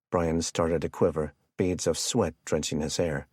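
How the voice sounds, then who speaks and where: A man narrating an audiobook in a steady, measured way. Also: a bass voice, breathy edge, no room sound, clean studio sound. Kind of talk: scripted narration.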